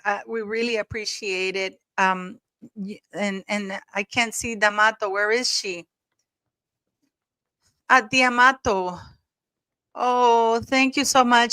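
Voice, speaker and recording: A woman's voice: mid-range voice, sharp tone. A chatty woman talking on a live stream, thanking viewers and laughing often. Her voice sits in the middle of a woman's range. The sound is dry and close, with no room echo. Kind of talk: casual chat.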